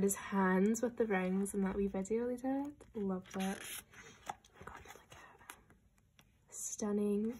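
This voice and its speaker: A young vlogger opens an album at home, gushing and excitable, often whispering and addressing her pets along the way. Her voice sits at medium pitch, with a little hiss or hum in the recording.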